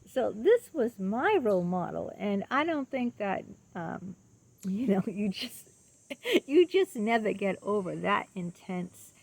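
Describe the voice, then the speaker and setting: A woman in her fifties talking earnestly about her own life in a personal monologue, halting often with ums and restarts and asking rhetorical questions. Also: medium pitch, big pitch swings, gravelly, no room sound. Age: 50s. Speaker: vlogger.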